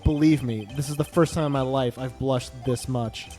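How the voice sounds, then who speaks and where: A man's voice: mid-range voice, steady tone, moderate pace, mellow, faint music behind, voice pushed down, natural voice. A man reading the lines of an earnest young male defense lawyer, dry and flustered. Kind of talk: reading game dialogue aloud.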